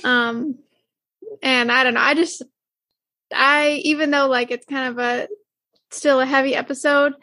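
A woman co-hosts a relaxed podcast, rambling through her thoughts with lots of fillers. Her voice sits high yet stays fairly level in pitch. The sound is dry and close, with no room around it. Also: unhurried, long pauses, no echo. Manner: rambling, many fillers and restarts, laughs often. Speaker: podcast co-host. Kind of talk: casual chat about an anime.

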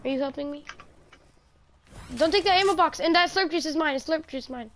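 A woman chatting casually while playing an online game with a friend, excitable and trash-talking, with lots of fillers. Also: high voice, fairly quick. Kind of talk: casual gaming chat. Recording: noisy stream audio with clicks.

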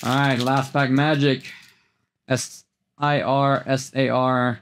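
A man at an everyday middle pitch chats through a card pack opening, naming each card as it turns up. He stumbles and repeats himself and then breaks into sudden excited highs. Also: slow, clear, resonant tone. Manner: chatty, repeats words, jumps into excited highs. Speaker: host opening trading card packs. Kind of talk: casual unboxing commentary.

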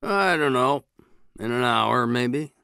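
A man's voice: medium pitch, expressive, slow, vocal fry, sharp tone, smooth, no echo, studio quality, heavily acted. A man voicing a serious, blunt male lawyer who mentors a newcomer, speaking in short, curt lines.

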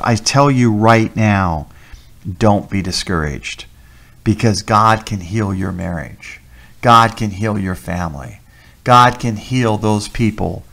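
A man with a fairly low voice gives a sermon as a deacon. He tells miracle testimonies in a lively, emphatic way and hammers home key phrases by repeating them. His delivery sounds like a personal story shared from the pulpit. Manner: animated storyteller, emphatic repetition.

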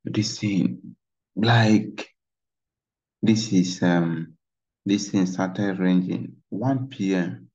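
Slow deep-voiced man, gravelly. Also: darkish tone. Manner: rambling, conversational, repeats "you know". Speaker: trading instructor. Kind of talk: casual screen-share tutorial. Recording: dull lo-fi mic.

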